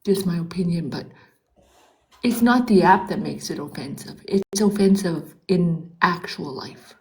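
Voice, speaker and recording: A woman's voice: lowish voice, measured pace, low-quality recording. A woman in casual chat, earnest and sometimes searching for the right words.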